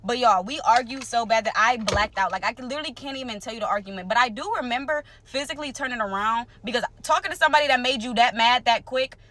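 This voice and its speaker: A young woman telling a personal story to her viewers in casual, animated speech, repeating phrases for emphasis. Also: on the high side, quick pace, few pauses. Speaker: storytime creator.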